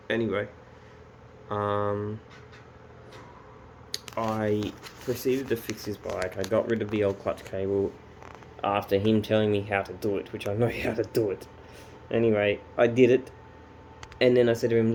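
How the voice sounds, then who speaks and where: Gravelly exasperated man. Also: lowish voice, moderate pace, dark tone, a little hiss or hum, rough recording. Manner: ranting, exasperated, sweary. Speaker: vlogger. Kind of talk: casual storytelling vlog.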